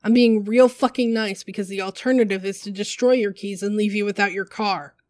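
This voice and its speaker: A woman's voice: mid-range voice, fairly even intonation, fairly quick, darkish tone, dry recording, natural voice. A woman voicing a crude, menacing female villain who barks profane orders. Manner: coarse, profane, commanding.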